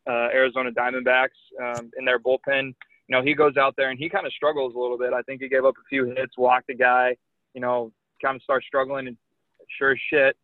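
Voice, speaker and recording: A young man, a professional pitcher, telling a lively anecdote in casual chat, full of "like" and "you know". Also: dry recording. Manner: animated anecdote telling with many likes and you knows. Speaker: guest, pro baseball pitcher. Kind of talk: casual storytelling. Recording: tinny phone line.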